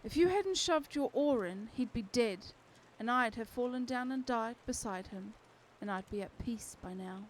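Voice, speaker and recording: A woman's voice: a little high, lively intonation, normal speed, few pauses, a little hiss or hum, natural voice, rough recording. A woman voicing a bitter, curt young woman with a vengeful streak in a storybook reading, snappish and mocking.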